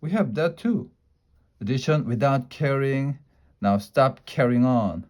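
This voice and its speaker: A man's voice: medium pitch, animated, a little slow, a little mellow, lightly acted. A firm, no-nonsense kindergarten teacher, put on by a man reading a storybook. She talks in a stern, clipped way. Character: strict kindergarten teacher, woman.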